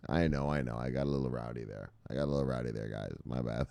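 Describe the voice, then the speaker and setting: A man hosting a crypto news show, ranting with heavy swearing, jumping between loud outbursts and low mutters. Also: fairly even intonation, a little fast, gravelly, hardly any pauses, clear, resonant tone, dry recording, studio quality. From United States. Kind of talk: profane animated ranting commentary.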